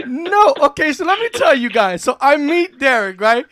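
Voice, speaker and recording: A man hosting a radio interview, telling stories in an animated way, laughing often and swearing casually. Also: extremely high pitch, moderate pace. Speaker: radio host.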